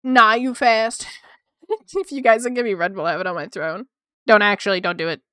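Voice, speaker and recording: Chatty young woman streamer, crisp dry voice. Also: medium pitch, brisk, dry recording. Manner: chatty, excitable, swears casually, reads chat aloud. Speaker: art streamer. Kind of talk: casual chat while drawing on stream.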